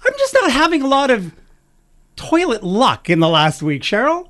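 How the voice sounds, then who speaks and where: A man's voice: extremely high pitch, normal speed. A middle-aged man, hosting a morning radio show and telling jokey stories in a casual chat. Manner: animated, jokey storyteller.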